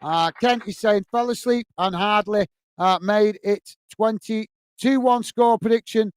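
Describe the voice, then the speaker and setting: Man with a smooth high voice. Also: unhurried, dry recording. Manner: reads viewer comments aloud, friendly and chatty. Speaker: livestream host reading chat. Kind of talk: casual live chat.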